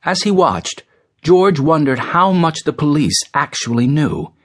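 A man narrating an audiobook in an expressive, dramatic storytelling manner. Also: fairly high pitch, unhurried.

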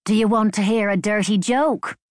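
A woman voicing a coarse, mischievous elderly mother in an audiobook, slightly higher than her own voice, in a dry studio. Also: expressive, moderate pace, no room sound, close to an everyday voice. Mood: blunt. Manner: teasing, reads aloud from the television.

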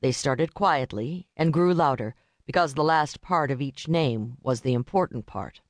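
A woman narrating a novel with a measured, steady reading. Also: rumbling low, no room sound. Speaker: audiobook narrator. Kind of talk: scripted narration. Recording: dry close studio audiobook.

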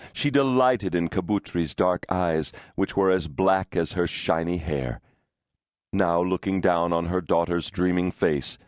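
A man reading a historical novel aloud as an audiobook narrator, measured and expressive. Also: low voice, no room sound, studio quality. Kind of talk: scripted narration. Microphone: studio microphone.

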